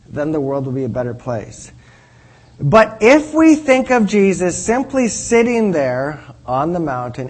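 A man with a high voice gives sermon-style teaching to a class. He speaks earnestly and drives each point home by repeating it. He often pauses to ask his listeners whether they follow. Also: a little mellow, poor audio. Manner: earnest, repeats key phrases for emphasis, checks in with listeners.

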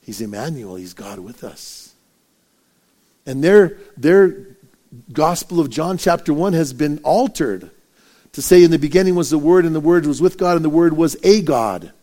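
A male pastor preaching a sermon, firing rhetorical questions and acting out anecdotes with lively swings in volume. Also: on the high side, normal speed.

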